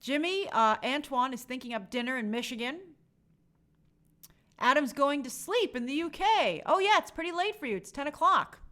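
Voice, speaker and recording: On her live stream, a young woman speaks at normal speed in a high, slightly bright voice with lively intonation. She chats casually and kindly, reading viewer comments and calling out names.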